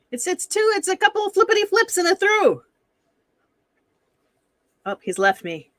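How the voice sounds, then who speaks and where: A woman's voice: very high-pitched, very animated, takes it slowly, pauses often, a bit bright, no room sound. A woman co-hosting a casual chat, playful and giggly. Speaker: podcast co-host.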